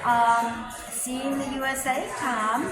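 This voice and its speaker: High-voiced woman in an echoey room with music. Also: little pitch movement, takes it slowly. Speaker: fan contributor. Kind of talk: recorded fan video message.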